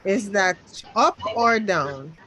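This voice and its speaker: Trading coach for a live lesson: slow and deliberate, insists on firm answers, keeps repeating questions. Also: medium pitch, expressive, a crowd in the background, low-quality recording. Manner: drilling, repeats questions until answered firmly. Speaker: trading teacher.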